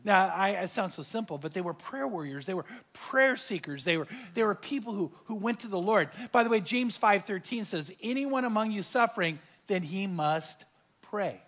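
A man's voice: high voice, lively intonation, a little fast, hardly any pauses, a bit bright. A middle-aged male pastor preaching a sermon, telling a personal story and acting out the quoted dialogue with animation.

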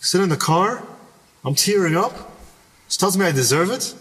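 A man's voice: high voice, animated, normal speed, fairly bright tone, big-room sound, far from the mic. A young man from Canada telling a personal story in casual podcast chat, rambling with many restarts and asides.

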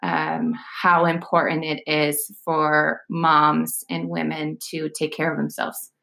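A woman's voice: low voice, fairly even intonation, slow pace, bright, forceful tone. A woman, a fitness coach explaining things in casual chat with many fillers.

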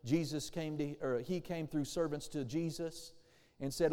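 High-voiced preaching man in a reverberant hall. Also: fairly even intonation, moderate pace, mellow, clear, resonant tone. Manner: preaching with call-and-response amens, acting out quoted voices. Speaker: pastor. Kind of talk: sermon.

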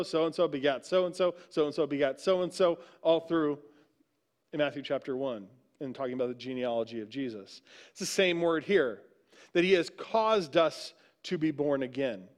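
High-voiced man preaching conversationally. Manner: conversational preaching, frequent "right?" asides. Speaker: pastor. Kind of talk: sermon. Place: church sanctuary.

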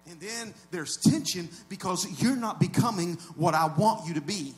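Expressive and at an ordinary pace, this man delivers a sermon as a pastor in a conversational tone toward his congregation. His voice drops for low asides before rising to loud shouts.

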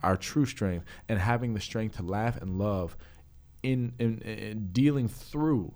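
An actor guest chats on a podcast in a man's voice that sits on the low side. He speaks earnestly and with emphasis, building long passionate runs of thought. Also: takes it slowly, darkish tone. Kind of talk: casual podcast interview.

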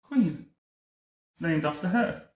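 A man reading a picture book aloud to a child at home, adding wry, deadpan comments between the lines. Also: a little high, slow pace. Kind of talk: bedtime story reading with joking asides. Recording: roomy echo.

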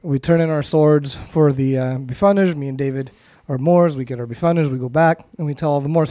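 A man's voice: fairly high pitch, a little fast, hardly any pauses, warm tone, no echo, clean studio sound. A man co-hosting a podcast, casually recapping a performance in a rambling storytelling way and acting out the lines. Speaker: podcast co-host.

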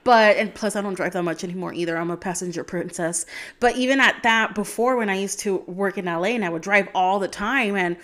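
Young woman co-host, lively storyteller, casual chat with Spanish asides, mid pitch. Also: a little fast. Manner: animated storyteller, drops Spanish exclamations. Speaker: podcast co-host.

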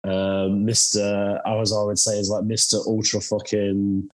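A man with an English accent hosting a podcast, talking in a relaxed, casual way with swearing and many fillers. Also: lowish voice, unhurried. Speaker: podcast host.

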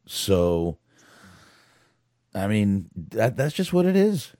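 A man's voice: fairly low pitch, big pitch swings, slow, mellow, no room sound, clean studio sound. A man co-hosting a casual chat show, talking loosely with frequent swearing and repeated words. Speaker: podcast co-host.

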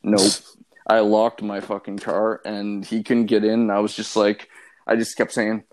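Low-voiced man rambling casually. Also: completely flat delivery, a little slow, a little mellow. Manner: profane, rambling, filler-heavy. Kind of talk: casual storytelling chat.

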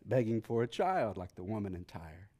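A man preaching a sermon, telling a personal travel story with excitable energy and acting out the people in it before settling into calmer Bible teaching. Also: lowish voice, moderate pace. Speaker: pastor.

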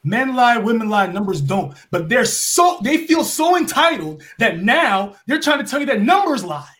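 A man from New York speaks in a high voice that leaps up and down in pitch. He preaches in long bursts and throws out rhetorical questions. His volume swings from loud to soft and back. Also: sing-song, normal speed. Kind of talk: impassioned monologue.

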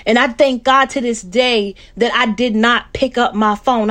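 A woman minister shares a heartfelt testimony in a sermon style. Her voice sits a touch high and she repeats phrases for emphasis, speaking straight to the congregation as family. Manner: emotional, repeats phrases, addresses listeners as family.

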